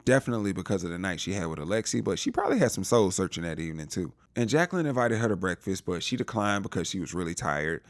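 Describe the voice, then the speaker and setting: Lively low-voiced man recapping a show. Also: quick pace, few pauses, no echo. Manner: animated, acts out characters' lines in playful voices. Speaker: TV recap reviewer. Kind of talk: casual episode recap commentary.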